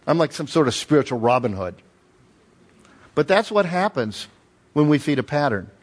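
A man preaching a sermon as pastor, telling stories with lively emphasis and repeated phrases. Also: on the high side, moderate pace. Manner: animated storytelling with emphatic repetition.

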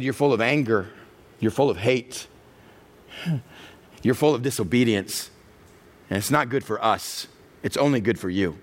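A middle-aged male pastor delivers a sermon at a medium pitch. He acts out the voices in his head as he speaks and works up to a loud, passionate finish.

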